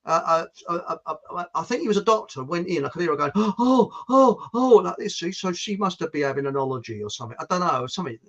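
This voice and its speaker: A man joking around in casual chat, halting and stammering as he tells his anecdotes. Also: fairly high pitch, animated, fairly bright tone.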